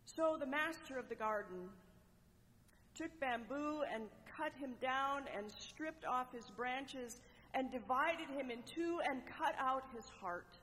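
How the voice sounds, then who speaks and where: A woman preacher telling a parable as a sermon, with measured delivery and dramatic pauses. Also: high voice, expressive, a bit bright. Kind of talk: sermon storytelling. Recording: long echoing hall reverb.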